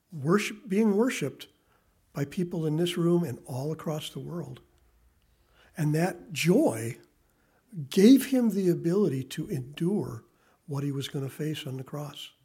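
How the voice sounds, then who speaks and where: A man in his thirties preaching a sermon, swinging from loud emphasis to quiet, hushed asides. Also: fairly high pitch, expressive, unhurried, husky. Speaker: pastor.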